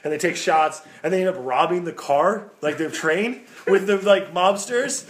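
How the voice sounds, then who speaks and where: A man's voice: high-pitched, moderate pace. A man from the American Midwest co-hosting a podcast, telling long stories in casual chat, swearing and laughing as he goes. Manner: rambling storyteller, swears, laughs while telling. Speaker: podcast co-host.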